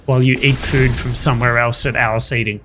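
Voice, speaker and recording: A man's voice: medium pitch, a little fast, noisy background. A man hosting a gaming channel, casually commenting on his matches and telling stories from work. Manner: chatty, animated anecdote-telling over gameplay.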